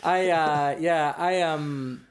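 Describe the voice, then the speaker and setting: Northern Irish male comic, relaxed anecdote-teller, sweary, plays out other people's lines. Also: on the high side, drawn-out words, smooth. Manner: swears freely, acts out others in his stories. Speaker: comedian guest. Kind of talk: casual storytelling chat.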